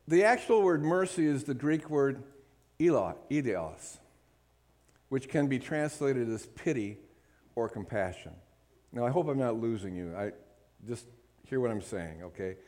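A male pastor preaching a sermon, often checking in with his listeners and swinging between loud emphatic lines and quiet asides. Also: mid-range voice, expressive, a little slow, long pauses.

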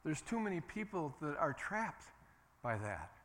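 Male pastor mid-sermon, bright forceful tone, emphatic, repeats himself, calls for responses. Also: a little high, big pitch swings, a little slow.

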